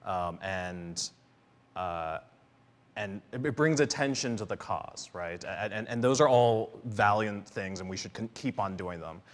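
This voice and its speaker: A man's voice: fairly low pitch, measured pace. A man speaking as a panelist in an earnest, searching way, with many fillers, restarts and "right?" tags. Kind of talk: panel discussion talk. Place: church hall. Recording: long hall reverb.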